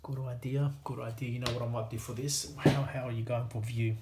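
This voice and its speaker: A man's voice: medium pitch, flat delivery, brisk, reverberant, noisy background. A man with an Australian accent chatting casually to himself and his viewers while working at a workbench, self-deprecating and easygoing. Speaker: hobbyist watchmaker.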